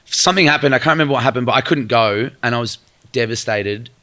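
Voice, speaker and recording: A man's voice: medium pitch, quick pace, bright, forceful tone. A young man telling a rambling story in a casual podcast chat, swearing freely and using lots of fillers. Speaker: guest musician.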